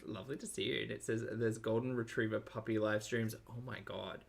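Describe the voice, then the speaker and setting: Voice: mid-range voice, fairly even intonation, fairly quick, vocal fry, hardly any pauses. A reaction streamer giving sarcastic livestream commentary, laughing often and thanking viewers by name.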